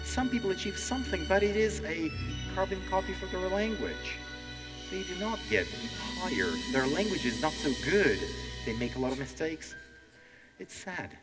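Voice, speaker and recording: A man's voice: sits high, normal speed. A man teaching English in an interactive stand-up lesson on stage, often checking in with "okay?" and acting out quotes. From Ukraine. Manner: animated, keeps asking "okay?", acts out quotes. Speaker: language teacher hosting a stage show. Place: stage in a hall before a live audience. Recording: reverberant hall with faint music.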